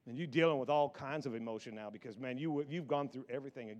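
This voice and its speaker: A man preaching a sermon in an animated, repetitive style that builds in emphasis. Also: mid-range voice, fast talker, hardly any pauses, muffled recording.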